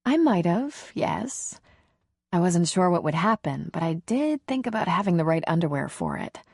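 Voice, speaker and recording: A woman reading the part of a shy, nervous woman in an audiobook romance, soft-spoken and hesitant. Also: lowish voice, very animated, normal speed, husky, no room sound, studio quality, full character voice.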